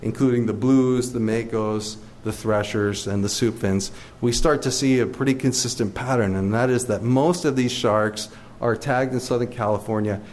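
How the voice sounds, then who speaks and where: Middle-aged male scientist presenting slides, friendly and eager, frequent fillers, mid pitch, faint room noise. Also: steady tone, moderate pace, a little mellow. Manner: friendly, enthusiastic, many fillers and restarts. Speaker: shark research biologist giving a slide talk. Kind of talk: public lecture with slides.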